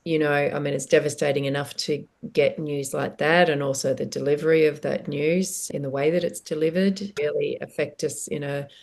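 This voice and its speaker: A woman co-hosts an interview podcast. She speaks gently and with empathy, often trailing into soft affirmations. Her voice has a noticeable gravelly fry. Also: low voice, steady tone, moderate pace, few pauses. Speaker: podcast co-host. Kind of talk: conversational interview.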